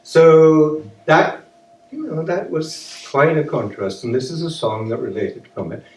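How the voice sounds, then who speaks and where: A man's voice: a little high, a little slow, a little mellow. An older British man, an activist musician, chatting with an audience between verses and leading a joking sing-along in a live concert. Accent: British English. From Britain. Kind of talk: live concert, talking and singing with guitar. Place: concert hall before an audience. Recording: roomy live recording with guitar, mic at a distance.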